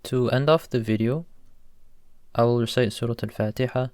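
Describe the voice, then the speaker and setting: A man teaching pronunciation slowly and carefully, repeating each sound to demonstrate it. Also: mid-range voice, a little mellow, clear, resonant tone, no room sound, studio quality. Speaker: recitation teacher. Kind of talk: instructional explanation.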